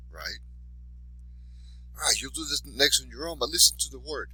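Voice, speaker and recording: A man teaching a Spanish class to students, giving encouraging instructions and saying each example word twice, slowly and with clear stress. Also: medium pitch, animated, bright, forceful tone, no room sound, low-quality recording. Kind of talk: recorded class lesson for students.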